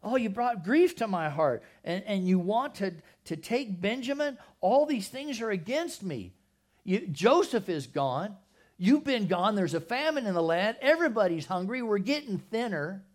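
An aged father, raw with grief and distrust, pleads and exclaims in a raised, strained voice, as a preacher dramatizes him. His lines climb high and grow loud, full of sorrow. He is a figure in a dramatized scripture reading in a sermon. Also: very animated, moderate pace. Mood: anguished. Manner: pleading, exclaiming, rising to cries.

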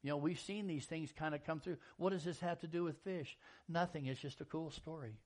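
A man preaching a sermon in a folksy, animated storytelling style, acting out quotes and jokes. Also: fairly high pitch, brisk. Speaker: pastor.

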